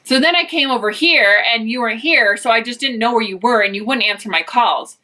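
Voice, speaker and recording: A woman's voice: on the high side, fairly quick, pushed and bright. A woman from Utah telling a personal story in a chatty vlog, acting out the dialogue as she goes. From Utah, United States. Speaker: vlogger.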